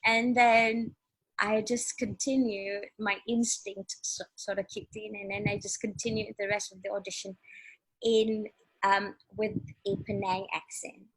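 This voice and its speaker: Chatty breathy Malaysian woman. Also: mid-range voice, measured pace, low-quality recording. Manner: animated, laughs often, acts out quotes. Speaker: celebrity chef guest. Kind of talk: casual radio interview storytelling.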